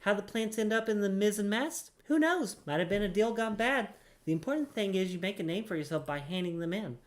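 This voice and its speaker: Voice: mid-range voice, lively intonation, fairly quick, voice pushed up, close to an everyday voice. A gamer voicing a sly, seasoned female adventurer, speaking in a confiding, conspiratorial way.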